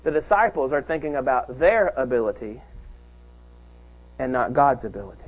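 A man's voice: mid-range voice, sing-song, normal speed, phone-quality sound. A male pastor preaching a sermon, emphatic and calling out to his congregation.

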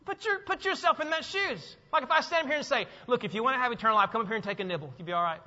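A man's voice: very high-pitched, animated, very fast, sharp tone, big-room sound, lo-fi sound. A man preaching a sermon to his congregation, acting out the voices of the people in the story and quizzing the crowd with questions. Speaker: pastor. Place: church sanctuary.

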